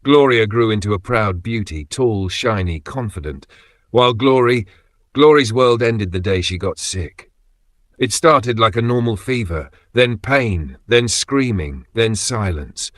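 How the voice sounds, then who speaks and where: A man narrating a scripted dramatic story in short, measured phrases. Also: fairly low pitch, lively intonation, no room sound, clean studio sound.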